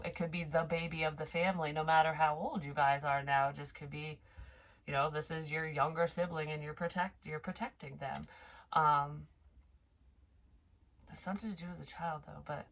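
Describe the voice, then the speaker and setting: A woman's voice: low-pitched, fairly bright tone, poor audio. A woman giving a casual psychic tarot reading, chatty and thinking aloud, with frequent swearing.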